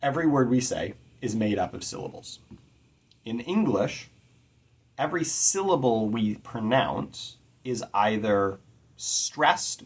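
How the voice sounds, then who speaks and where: A middle-aged man teaching about poetic meter in an earnest, measured way, carefully stressing his words. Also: medium pitch, breathy edge. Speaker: poetry teacher.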